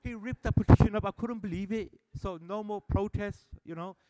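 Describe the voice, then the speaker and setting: Guy telling stories at a meeting, mellow warm voice, acts out the back and forth. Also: sits high, normal speed, a little hiss or hum. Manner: animated storyteller, acts out dialogue. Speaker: service user speaker at annual meeting. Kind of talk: public speech telling stories. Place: meeting hall.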